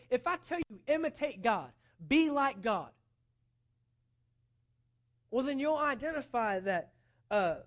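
A man with a high-pitched voice preaches a sermon. He speaks earnestly, building emphasis as he goes, and acts out imagined dialogue to make his points. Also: fairly bright tone. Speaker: pastor.

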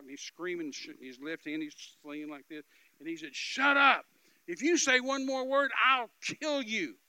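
A man's voice: fairly high pitch, no echo, poor audio. Emphatic man telling a gripping testimony. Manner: emphatic, repetitive, loud bursts. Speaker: minister giving testimony. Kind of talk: animated storytelling testimony.

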